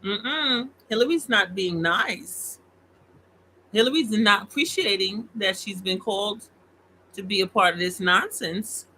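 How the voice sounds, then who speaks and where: A host giving casual, opinionated commentary on politics, animated and mocking. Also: female voice, medium pitch, measured pace, slight background noise, rough recording. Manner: opinionated, animated, mocks voices. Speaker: commentary vlogger.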